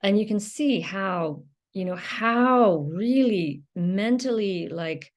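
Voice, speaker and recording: A woman talks straight to her viewers in an unscripted explainer, at an everyday middle pitch. Her phrasing is loose and conversational, and she searches for her words as she works through each point. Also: expressive, slow pace. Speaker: video creator on emotional recovery. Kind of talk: unscripted educational monologue.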